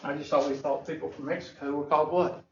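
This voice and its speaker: A math instructor jokes his way through a class lecture in a folksy, drawling Southern manner, his voice a little high, steady in tone, and fairly bright as he talks fast. A far room mic catches him, so the classroom recording sounds echoey, distant, and muffled, with a little hiss or hum.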